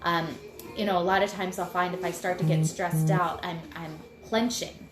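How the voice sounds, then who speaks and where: A woman's voice: lowish voice, steady tone, moderate pace, over loud music. A woman in her thirties talking casually on a live home video, chatty and rambling as she shares tips. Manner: chatty and rambling, self-deprecating. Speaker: host sharing mindfulness tips. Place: room at home. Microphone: computer mic. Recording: roomy echo, faint room noise.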